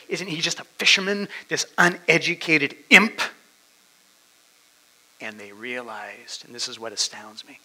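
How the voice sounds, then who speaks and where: A male preacher giving a dramatic sermon, swinging from loud declarations down to whispers. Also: mid-range voice, rough recording.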